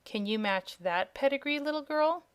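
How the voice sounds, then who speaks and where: A woman's voice: high-pitched, expressive, moderate pace, voice pushed up. Woman reading as a proud young dragonette. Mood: haughty polite. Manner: polite, regretful, slightly haughty. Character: proud young male dragonette, scaly and hungry. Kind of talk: audiobook character voice.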